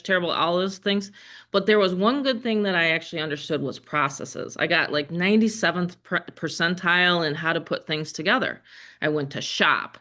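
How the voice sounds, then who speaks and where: A woman's voice: medium pitch, normal speed, pushed and bright. A woman in her fifties, a business trainer on a casual group video call, chatty and rambling with frequent laughs. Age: 50s. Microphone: headset or desk microphone.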